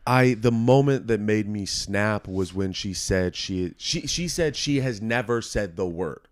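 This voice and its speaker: Brief: thoughtful man guest, low-pitched, pauses and restarts as he talks. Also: expressive. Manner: reflective, halting, restarts often. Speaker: podcast guest. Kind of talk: casual conversation.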